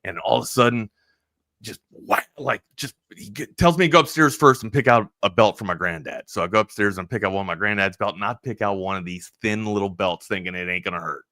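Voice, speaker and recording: Bright-voiced man telling a rambling story. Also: lowish voice, fairly quick, no echo, studio quality. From Maryland. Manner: rambling, animated storyteller with many restarts. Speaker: sports talk radio host. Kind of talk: casual storytelling on a talk show.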